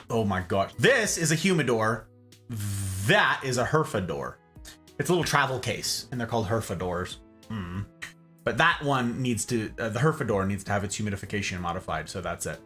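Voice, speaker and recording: A man streaming a game and chatting playfully with his live chat. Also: mid-range voice. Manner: playful, animated, jokey banter with chat.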